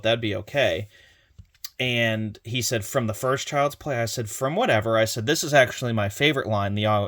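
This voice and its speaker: A young man talks casually to his camera about his weekend, rambling and restarting as he retells who said what. His voice sits at an ordinary middle pitch for a man. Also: a bit bright. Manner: rambling storyteller, retells conversations with many fillers and restarts. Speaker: collector vlogger. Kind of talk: casual convention haul recap.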